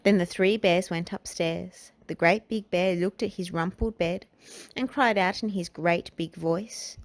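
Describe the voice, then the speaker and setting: A woman reading a children's storybook and nursery rhymes aloud, in a gentle, unhurried way. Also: on the low side, no echo. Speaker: children's book reader.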